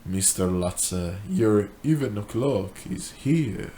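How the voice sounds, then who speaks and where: A man's voice: lowish voice, animated, slow, warm tone, a little hiss or hum. A man doing a meek, polite office assistant.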